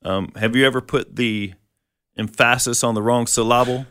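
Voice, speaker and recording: A man's voice: medium pitch, a little fast, clear, resonant tone. A man co-hosting a conversational Bible teaching, explaining verses and asking questions. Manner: explanatory, quotes scripture, asks questions.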